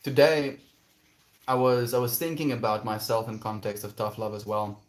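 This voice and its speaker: Man, livestreamer, casual chat, reflective, reads chat messages aloud, outdoors, medium pitch. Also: little pitch movement, normal speed. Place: outdoors, quiet spot.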